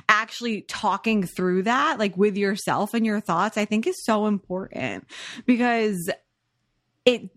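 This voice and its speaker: A woman co-hosting a podcast, chatting in an energetic, talkative way. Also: medium pitch, no echo, clean studio sound. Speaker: podcast co-host. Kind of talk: casual conversation.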